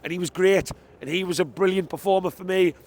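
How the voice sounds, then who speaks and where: Outside a football stadium after a match, a man records a fan reaction vlog into a handheld microphone. He's excitable, chatty, and emphatic, his voice sitting high and his pace quick.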